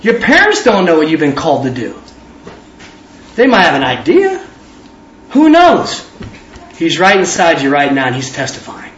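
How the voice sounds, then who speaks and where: High-voiced man preaching in a roomy hall. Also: huge pitch swings, normal speed, pauses often, fairly bright tone, slight background noise. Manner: conversational, acts out both sides of dialogues. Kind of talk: informal sermon. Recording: distant roomy hall, dull lo-fi sound.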